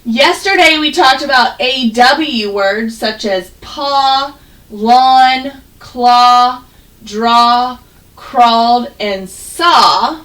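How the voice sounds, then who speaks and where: A woman teaching first grade on a video call, sounding out words slowly and clearly for young children. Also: fairly high pitch, a bit bright, recorded from a distance, low-quality recording. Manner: slow, exaggerated sounding out of words. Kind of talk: online phonics lesson. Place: home, on a video call with students.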